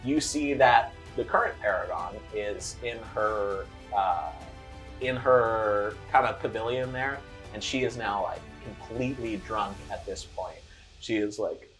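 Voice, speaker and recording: A woman narrating a tabletop game as game master, lively and often laughing. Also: a bass voice, unhurried, soft background music.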